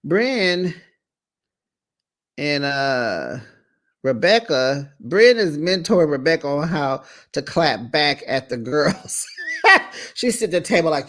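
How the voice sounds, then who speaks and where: A host recapping reality TV episodes in a chatty, sassy way, with drawn-out asides. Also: mid-range voice, lively intonation. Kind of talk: casual recap commentary.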